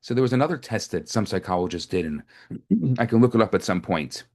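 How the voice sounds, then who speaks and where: A man's voice: lowish voice, big pitch swings, brisk, darkish tone. A man giving a sermon as a rabbi, telling stories in a loose conversational way, often restarting and repeating himself. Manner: conversational, with frequent restarts and repetitions. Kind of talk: storytelling sermon to a live group.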